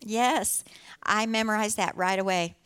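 A woman's voice: medium pitch, measured pace, smooth. Earnest woman sharing church testimony. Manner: earnest and heartfelt, with soft laughter. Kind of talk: personal testimony to a congregation.

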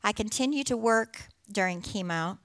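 A middle-aged woman speaks to a church congregation, telling her own story in an earnest, heartfelt way. Her voice sits at an ordinary pitch for a woman, and light laughter slips into her telling. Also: normal speed, a bit bright. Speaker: church speaker sharing testimony. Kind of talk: personal testimony to a congregation.

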